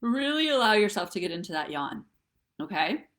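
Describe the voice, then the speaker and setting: A woman's voice: medium pitch, sing-song, normal speed, fairly bright tone. A middle-aged woman coaching viewers through breathwork and tapping on a live stream, chatty and often checking in with "okay?" and "right?". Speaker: wellness coach.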